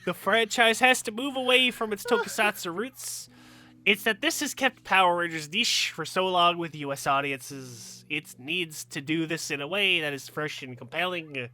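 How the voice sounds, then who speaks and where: A man's voice: high voice, moderate pace, bright, forceful tone, voice pushed down. A tipsy man putting on a bad mock New Zealand accent to parody a smug male filmmaker reading a tweet, stumbling over words. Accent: mock New Zealand accent, put on badly. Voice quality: stumbling, mocking parody delivery. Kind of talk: comedic impression on a podcast.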